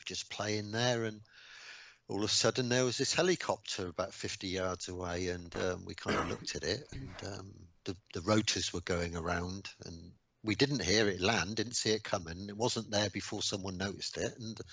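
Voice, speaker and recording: A man in his sixties from England, a radio guest recounting old memories casually, with lots of ums and mounting excitement. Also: sits low, moderate pace, dry recording. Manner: animated anecdotes, rising excitement, frequent ums. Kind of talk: casual storytelling interview.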